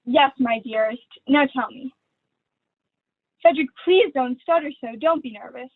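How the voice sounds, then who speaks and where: A woman's voice: high voice, a little slow, no echo. A young woman acting a vain, gushing glamorous stage actress in a school play read over a video call. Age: teens. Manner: theatrical, affected, honeyed. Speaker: student actor. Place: at home. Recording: dry, tinny video call audio.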